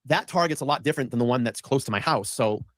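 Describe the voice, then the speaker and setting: A man's voice: mid-range voice, animated, quick pace, no echo, studio quality. A man hosting a show, telling a long rambling story in casual chat and acting out what people said. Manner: rambling, acts out quoted lines. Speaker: host. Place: studio.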